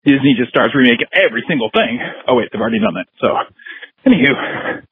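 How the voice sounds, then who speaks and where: A man's voice: mid-range voice, expressive, fast, gravelly, breathy edge. A man leaving a rambling voicemail as a caller to a podcast. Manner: rambling, fond sign-off. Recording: tinny phone line.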